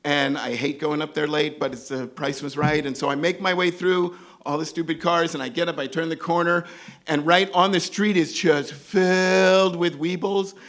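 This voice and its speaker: A man's voice: a little high, normal speed. A man telling a comic story from his life to an audience, acting out the voices of the people in it. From New York. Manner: animated, acts out other characters' voices. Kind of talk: live comedic storytelling.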